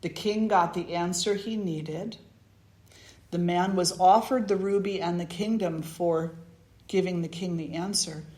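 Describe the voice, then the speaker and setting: A woman spiritual teacher telling a parable and preaching in an earnest, measured manner. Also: lowish voice, fairly even intonation, a little mellow. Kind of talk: storytelling sermon. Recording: roomy echo.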